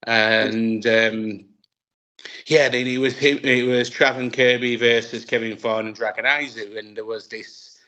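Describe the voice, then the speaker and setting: A man's voice: medium pitch, little pitch movement, measured pace, pushed and bright. A man, a wrestler telling stories as an interview guest, rambling with many restarts and laughing often. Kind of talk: casual anecdotal storytelling.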